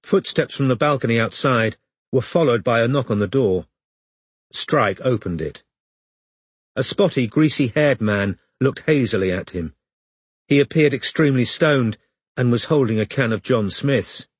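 A man narrating an audiobook in a measured, even reading. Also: mid-range voice, slightly rough, no room sound.

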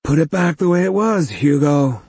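A man reading as a gentle cybersurgeon. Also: fairly high pitch, lively intonation, normal speed, slightly rough, no room sound, pitched above the performer's own voice. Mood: wry. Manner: gentle, reassuring. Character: patient, kindly male cybersurgeon doctor.

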